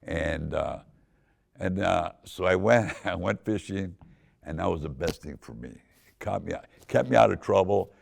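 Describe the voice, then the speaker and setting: An older man from Southern California, with a deep voice, casually telling a rambling personal story full of restarts. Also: animated, unhurried. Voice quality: deep gravelly voice. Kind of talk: casual spoken memoir.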